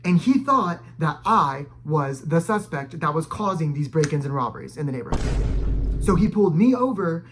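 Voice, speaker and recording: Young adult male storyteller, a bit high-pitched, animated and dramatic, filler-heavy casual delivery. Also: normal speed. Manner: animated, dramatic storytelling with frequent "like" fillers and sudden loud bursts. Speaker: storytime vlogger.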